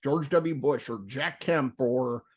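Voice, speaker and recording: A man's voice: medium pitch, slow pace. A man hosting a podcast, chatting casually and throwing in mock-dramatic asides. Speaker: podcast host. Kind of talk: casual interview talk.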